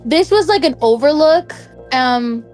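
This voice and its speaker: A woman's voice: high-pitched, animated, measured pace, a little mellow, faint music behind. A young woman casually telling a personal story, chatty and full of "like" fillers. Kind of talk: casual spoken anecdote.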